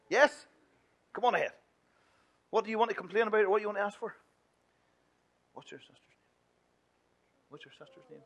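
A chatty man leading a children's talk at church, his voice sitting fairly high for a man. He jokes with the children and slips into whiny kid voices. The delivery stays playful and lively. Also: fairly quick, pauses often, highs cut off.

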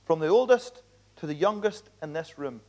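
Male pastor, high voice, emphatic earnest sermon delivery. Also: animated, normal speed, darkish tone. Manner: earnest, emphatic preaching with repeated appeals. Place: church.

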